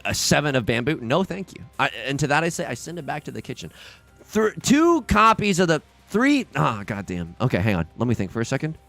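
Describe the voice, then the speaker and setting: A young man streaming an online mahjong game, joking and reading out chat in a casual, animated way. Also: mid-range voice. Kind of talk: casual livestream commentary while playing mahjong.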